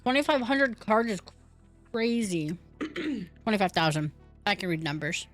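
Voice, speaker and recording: A woman's voice: mid-range voice, lively intonation, normal speed, soft background music. A young woman streaming a game, chatting casually, joking and laughing, talking while eating. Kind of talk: casual gaming stream chat.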